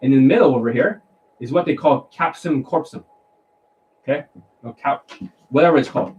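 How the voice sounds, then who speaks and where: Male dating coach, mid-pitched, blunt and profane, mocks his students. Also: brisk, a little mellow, lo-fi sound. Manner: mimics voices to demonstrate. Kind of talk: coaching monologue.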